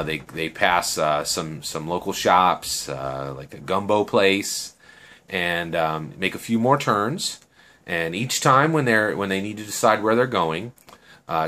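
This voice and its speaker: A man's voice: low voice, pushed and bright. A man telling a story casually, rambling with fillers and asking "right?" often.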